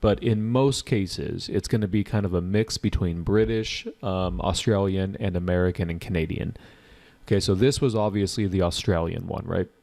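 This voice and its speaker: Low-pitched guy going over listening test answers, laid back, talks right to the class. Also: normal speed, gravelly, a little mellow. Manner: casual, explanatory, talks to viewers directly. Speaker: IELTS teacher. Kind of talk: online exam prep lesson.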